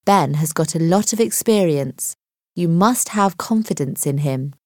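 Steady, reassuring young man, voiced by a woman reader, measured and calm, dry sound. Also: on the low side, dry recording. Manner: reassuring and level-headed. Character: calm, steady young male law student boyfriend.

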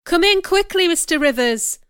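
A woman reading aloud voices a stern, suspicious old housekeeper who scolds loudly. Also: high-pitched, expressive, moderate pace, clean tone, no room sound, studio quality, voice pushed up. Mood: scolding. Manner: sharp and scolding, raises her voice. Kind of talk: audiobook character reading.

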